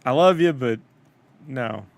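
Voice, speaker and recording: A man from Southern California co-hosting a casual chat, wry and quick to laugh, with halting stammers. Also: medium pitch, animated, creaky, no room sound. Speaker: co-host.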